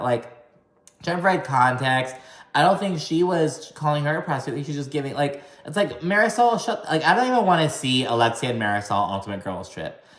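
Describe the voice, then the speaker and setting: In a fairly bright tone, a man dishes on a reality show with plenty of profanity, squeaking out cast members' quotes in exaggerated high voices. The recording is reverberant.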